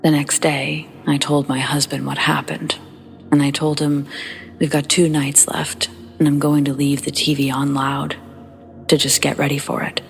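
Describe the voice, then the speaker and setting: A woman with a low, gravelly voice narrates true horror stories for a podcast. She keeps her delivery hushed and slips into half-whispers, with faint music under her. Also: little pitch movement, normal speed. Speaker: podcast host reading listener stories. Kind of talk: scripted horror story narration.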